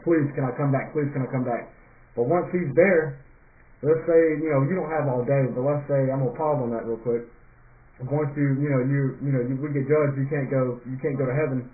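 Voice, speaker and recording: A young man earnestly recounting a dream as spoken testimony, rambling with many fillers and restarts. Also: medium pitch. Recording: tinny lo-fi audio in an echoey room.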